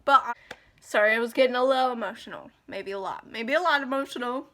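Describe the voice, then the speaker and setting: A woman's voice: fairly high pitch, fast, a bit bright. A woman in her twenties talking to camera in a personal vlog, upset and angry, ranting and close to tears. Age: 20s. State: emotional, close to crying. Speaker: vlogger.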